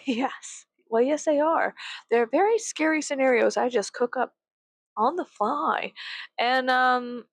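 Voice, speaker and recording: A woman's voice: high voice, takes it slowly, dry recording. A woman vlogging in a casual rant, swearing freely, giggling and rambling.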